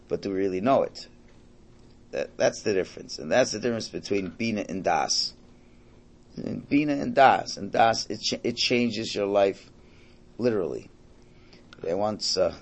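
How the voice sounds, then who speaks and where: A man's voice: sits low, creaky, a little mellow, slightly rough. A man teaching a Torah class, telling Hasidic stories in a conversational way. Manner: storytelling, conversational, quotes characters.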